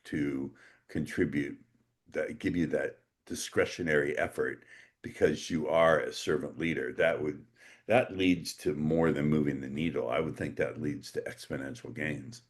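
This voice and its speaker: A man hosting a podcast interview, talking in a relaxed, rambling way with jokes. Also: very deep voice, a little slow. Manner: joking, rambling. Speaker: podcast host. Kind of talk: conversational interview.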